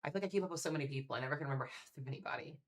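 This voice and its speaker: A man's voice: fairly high pitch, racing. A man hosting a live severe weather stream, chatting casually with viewers while he reads out warnings. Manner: casual, chatty, talks straight to viewers in the chat. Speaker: livestream weather host.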